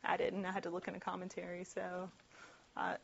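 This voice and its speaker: A woman's voice: on the low side, monotone, fairly quick, creaky, breathy edge, muffled recording. Chatty woman teaching a Bible class. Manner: chatty and conversational, often laughing, with many "like" and "right?" asides. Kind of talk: casual Bible teaching to a group.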